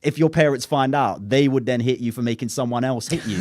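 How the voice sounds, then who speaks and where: A man's voice: fairly quick, no echo, clean studio sound. A man, chatting as a comedian guest, slangy and laughing often. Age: 30s. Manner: animated storyteller, slangy, laughs often, jumps high when acting out scenes. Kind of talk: casual podcast chat.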